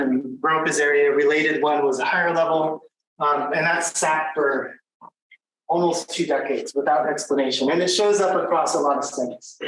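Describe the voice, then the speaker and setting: A man giving an academic lecture in a conversational way, with many fillers and restarts. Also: a little high. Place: workshop lecture room. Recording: echoey room from a distant mic, faint noise.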